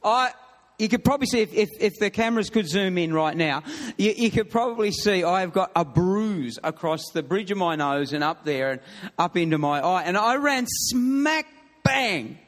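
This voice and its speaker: A man's voice: sits high, moderate pace. A middle-aged man preaching to a congregation, telling a funny story in a chatty way, with frequent laughs and restarts. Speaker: pastor. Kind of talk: sermon with humorous story. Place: church hall. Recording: long hall reverb.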